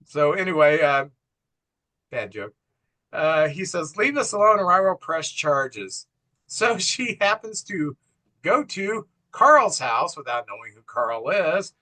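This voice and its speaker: A man's voice: on the high side, sing-song, takes it slowly, sharp tone. A middle-aged man co-hosting a casual movie recap, acting out the film's dialogue in quoted voices and laughing at his own jokes. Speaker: co-host, father.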